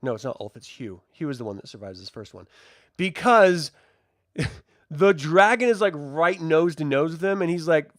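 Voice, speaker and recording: A man reviews a TV episode in a casual, rambling, jokey vlog. His fairly high voice swings widely in pitch. The sound is dry and close. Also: expressive, moderate pace, no echo.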